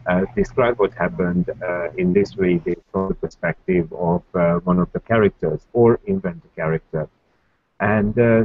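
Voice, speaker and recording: A teacher talks loosely in a casual discussion, rambling with many fillers. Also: male voice, sits low, phone-quality sound, slight background noise.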